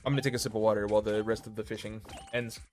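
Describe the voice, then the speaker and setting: A man live-commentating a board video game on his stream, calling each move in quick play-by-play with self-deprecating asides. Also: fairly low pitch, little pitch movement, soft background music. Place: home streaming setup.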